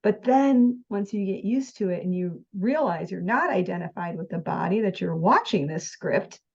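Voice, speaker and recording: A woman's voice: on the low side, expressive, moderate pace, creaky, breathy edge. A woman and spiritual teacher talking earnestly about her practice, sometimes acting out her own thoughts. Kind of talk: spiritual conversation. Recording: dull lo-fi sound.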